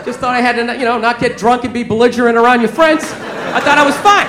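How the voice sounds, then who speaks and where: A man from the American South doing a stand-up routine, telling stories in a loud, exasperated way. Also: very high-pitched, quick pace, a faint crowd. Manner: loud, exasperated storytelling with rants. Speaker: stand-up comedian. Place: comedy club stage. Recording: echoey club with audience laughter. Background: audience laughing.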